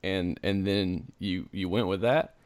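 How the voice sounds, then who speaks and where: A man's voice: low voice, unhurried, darkish tone. A man co-hosting a podcast in casual banter, joking and ribbing the others. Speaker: podcast co-host.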